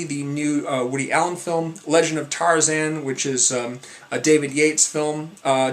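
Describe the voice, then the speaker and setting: A man's voice: fairly high pitch, a bit bright. A man casually rambling through a monthly movie rundown for his vlog, full of fillers and restarts, a bit out of breath. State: out of breath, dry throat. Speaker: movie vlogger.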